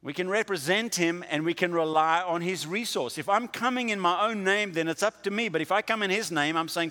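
A man preaching a sermon, with a dramatic delivery that swings from quiet to loud. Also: high-pitched, a little fast, few pauses, long reverb tail. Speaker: pastor.

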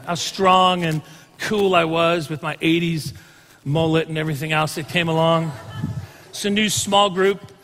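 High-voiced bright pastor preaching. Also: male voice, long reverb tail. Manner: conversational, asks the congregation questions. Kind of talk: sermon.

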